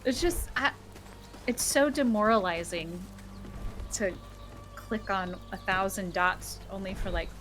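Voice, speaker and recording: A woman's voice: medium pitch, measured pace, pauses often, fairly bright tone. A woman chatting casually while gaming with friends, teasing and laughing often. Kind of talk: casual chat while playing.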